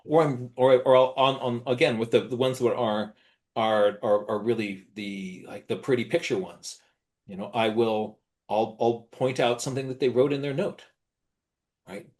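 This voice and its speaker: A middle-aged man leading an online workshop, animated, acting out gushing praise in a high voice. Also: moderate pace. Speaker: workshop presenter.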